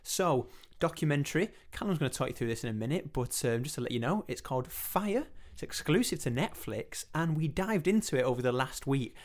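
A man's voice: on the high side, lively intonation, brisk, hardly any pauses. A man with a British accent hosting a film podcast, chatting casually and joking around. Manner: jokey, playful, self-mocking. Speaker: podcast host. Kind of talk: casual chat.

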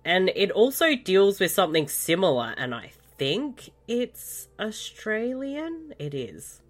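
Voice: mid-range voice, wildly swooping pitch, slow pace. A podcast co-host making bemused, confused asides while watching a movie. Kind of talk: casual movie commentary chat.

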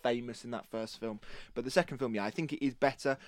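A man's voice: mid-range voice, quick pace, darkish tone, no echo. A man co-hosting a casual podcast chat, talking enthusiastically and rambling. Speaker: podcast co-host.

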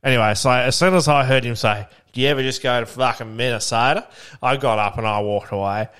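A man's voice: medium pitch, fairly quick, fairly bright tone, clear, resonant tone. An Australian man co-hosting a podcast over a video call, telling rambling anecdotes with plenty of swearing. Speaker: podcast co-host. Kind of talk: casual chat.

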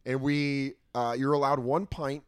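An American man chatting casually, telling lively stories and swearing freely. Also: mid-range voice, measured pace, clear, resonant tone, no room sound, clean studio sound. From United States. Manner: animated storyteller, swears freely. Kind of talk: casual chat.

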